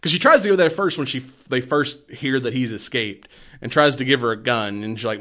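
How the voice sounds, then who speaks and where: A man's voice: medium pitch, fairly quick, fairly bright tone. A man in casual chat, retelling a movie in a rambling way, laughing often and swearing freely.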